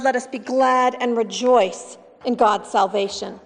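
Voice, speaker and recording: Woman pastor, gravelly and somewhat high, measured sermon delivery, long hall reverb. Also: steady tone. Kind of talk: scripture reading and sermon.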